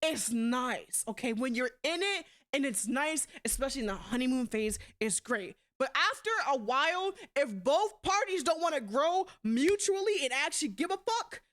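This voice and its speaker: A young woman streaming live, chatting casually and bluntly, swearing a lot and swinging between loud outbursts and quieter asides. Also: high voice, expressive, moderate pace, few pauses. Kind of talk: casual livestream chat.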